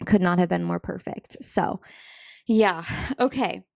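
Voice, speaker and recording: A woman's voice: on the low side, measured pace, vocal fry, darkish tone. A woman in her twenties chatting casually to camera as a budgeting vlogger, bubbly and talkative, with many fillers and asides, a little out of breath. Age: 20s.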